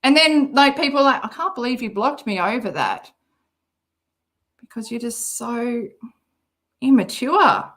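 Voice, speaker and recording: A woman's voice: a little high, animated, a little slow, long pauses, fairly bright tone. An Australian woman hosting a commentary channel, reacting to a clip in a sarcastic, mocking way and swearing often.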